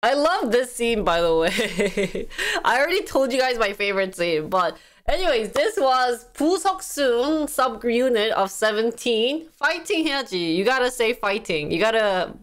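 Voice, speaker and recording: Upbeat woman host, higher voice with bouncy pitch, giggly chatty reaction talk. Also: normal speed. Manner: energetic and giggly, many fillers. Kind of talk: casual reaction chat.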